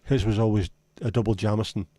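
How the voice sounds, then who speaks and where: Male livestream host, rambling and blunt, mellow low voice, dry close sound. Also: steady tone, fast, no echo. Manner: rambling, chatty, blunt with occasional swearing. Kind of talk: casual livestream chat.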